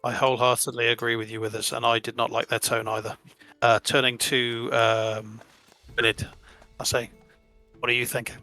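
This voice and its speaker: A man playing a tabletop game, narrating his character's actions in a halting way with many fillers. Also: mid-range voice, little pitch movement, pushed and bright, dry recording, soft background music. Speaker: player voicing Francis. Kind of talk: tabletop game play, casual.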